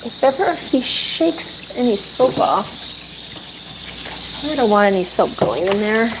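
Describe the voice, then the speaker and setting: A woman with a higher voice chats casually while grooming a dog, talking to the animal and to her viewers at the same time. The sound comes from a grooming room with a bath. Running water and clippers are clearly heard behind her. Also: expressive, slow, pauses often, background noise. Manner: chatty, talks to the dog and viewers while working. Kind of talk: casual live-stream chat while grooming.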